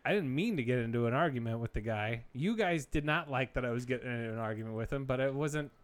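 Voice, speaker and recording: A man in his thirties co-hosting a casual podcast, telling stories with animated energy and frequent laughs. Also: mid-range voice, fast talker. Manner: animated storyteller, laughs often. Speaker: podcast co-host. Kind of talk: casual chat.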